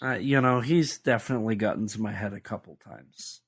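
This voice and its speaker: A man co-hosting a podcast in casual chat, rambling and jumping up in pitch when surprised. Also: a little fast, breathy edge. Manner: rambling, animated pitch jumps. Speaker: podcast co-host.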